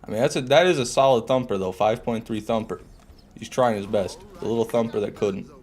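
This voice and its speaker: A man's voice: fairly low pitch, fairly quick, a little mellow. A man giving casual live commentary while playing a game, joking with chat, laughing often and restarting his phrases. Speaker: gaming streamer. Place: streaming setup, game music playing.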